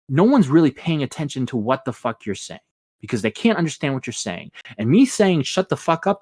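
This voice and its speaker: A man's voice: medium pitch, mellow. A man hosting a podcast, talking bluntly and with a lot of swearing, sounding exasperated. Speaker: podcast host. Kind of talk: casual podcast chat.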